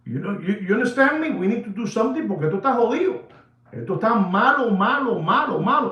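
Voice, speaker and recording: Man, excitable, repetitive, mixes languages, fairly high voice, roomy echo. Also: fast talker, far from the mic, highs cut off. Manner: excitable, switches between English and Spanish, repeats himself; drops to a low serious tone. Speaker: watch channel host. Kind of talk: animated casual monologue.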